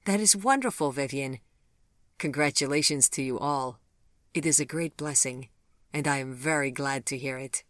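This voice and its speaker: Tender, refined gentleman, read by the narrator, soft and courtly, mid-pitched and dry. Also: moderate pace, no room sound, close to an everyday voice. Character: gentle, refined older gentleman who loves elegance.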